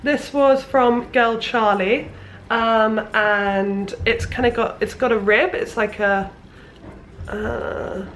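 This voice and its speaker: A woman's voice: on the high side, fairly bright tone, slight background noise. A young woman, a sewing vlogger, chatting casually at her parents' house with plenty of ums and restarts. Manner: chatty, rambling, lots of fillers. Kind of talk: casual chat.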